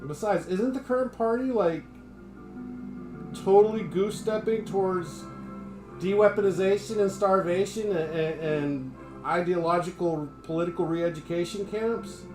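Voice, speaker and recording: A man's voice: high-pitched, normal speed, music in the background. A man from the United States ranting his opinions in casual live-stream chat, swearing freely.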